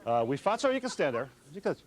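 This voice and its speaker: Here the host's pitch sits fairly high and swings widely as he rattles off genial stories at a fast clip. He's a restaurant owner from Chicago throwing a party, giving a speech to the crowd and answering interview questions over the din of chattering guests.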